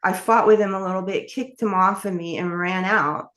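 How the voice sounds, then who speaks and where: A woman's voice: medium pitch, fairly even intonation, moderate pace, fairly bright tone. A woman telling her life story in an interview, candid and rambling, with many fillers and restarts. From New York. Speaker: author and interview guest.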